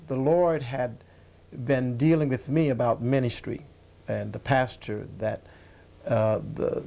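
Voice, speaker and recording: A man, a bishop, answering interview questions in a measured, thoughtful way with frequent hesitations. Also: mid-range voice, vocal fry, a little mellow.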